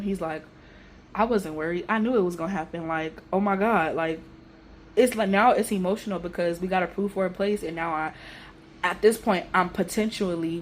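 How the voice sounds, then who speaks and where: A young woman telling a personal story on her vlog in a casual, emotional, animated way with everyday slang. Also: lowish voice, a little hiss or hum. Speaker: vlogger.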